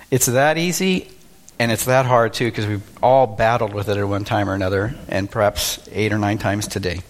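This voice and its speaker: A man's voice: fairly low pitch, normal speed. A man preaching a sermon in an earnest style, asking rhetorical questions of his congregation. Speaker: pastor.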